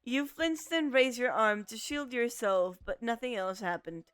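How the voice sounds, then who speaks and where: A woman reads game narration aloud in a smooth, crisp voice that sits a little high. She stumbles and restarts often as she goes. It sounds dry and close to the mic, with faint music underneath. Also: measured pace, fairly bright tone, dry recording. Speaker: let's play streamer. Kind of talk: reading a visual novel aloud.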